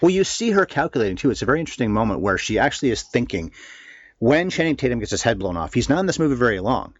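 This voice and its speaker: A man co-hosting a casual film discussion, animated and blunt, with some swearing. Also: mid-range voice, very fast, slightly rough, no room sound, dull audio. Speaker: film podcast co-host.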